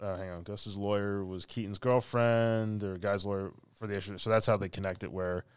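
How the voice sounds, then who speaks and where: Brief: male podcast co-host, lowish voice, dry close mic, animated recap with quoted bits. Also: normal speed, smooth, no echo. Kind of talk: casual chat.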